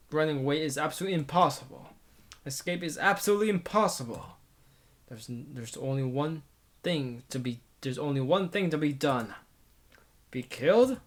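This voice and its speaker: A man reading a visual novel aloud in the first person, intense and theatrical, often restarting words. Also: on the high side.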